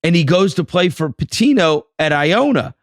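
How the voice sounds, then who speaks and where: A man's voice: on the high side, very animated, normal speed, no echo, studio quality. A man co-hosting a casual basketball podcast, eagerly telling a story and piling on details. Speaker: podcast co-host. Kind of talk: casual sports chat.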